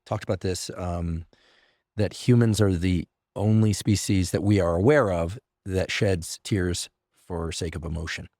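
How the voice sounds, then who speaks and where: Middle-aged male host, very low voice, measured and halting, dry close mic. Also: fairly even intonation, a little mellow, no room sound. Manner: thoughtful, halting, many "uh" pauses. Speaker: podcast host, scientist. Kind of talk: conversational interview.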